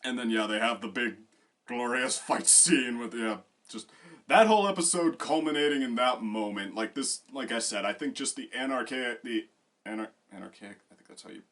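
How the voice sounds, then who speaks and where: A man's voice: medium pitch, normal speed. A man co-hosting a casual discussion, rambling with many fillers and restarts. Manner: bursts into loud acted quotes. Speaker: co-host.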